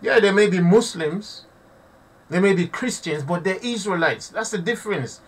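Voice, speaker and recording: A man's voice: high voice, expressive, normal speed, slightly rough, far from the mic. A man giving impassioned live commentary to his audience, preaching and repeating himself, often calling listeners family. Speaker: online preacher.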